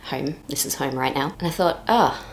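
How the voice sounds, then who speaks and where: A woman in her thirties with a slightly low voice narrates a casual vlog. She talks in a chatty, easygoing way and tosses in playful little jokes as she goes. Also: normal speed. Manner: chatty, with playful joking asides. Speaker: vlogger.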